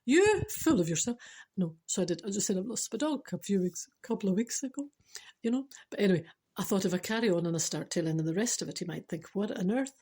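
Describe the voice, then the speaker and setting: A woman's voice: mid-range voice, fast, breathy edge. Chatty Scottish woman telling a spiritual story. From Scotland. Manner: chatty, laughing, animated storytelling; earnest spiritual teaching. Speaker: spiritual vlogger. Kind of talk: casual storytelling to camera.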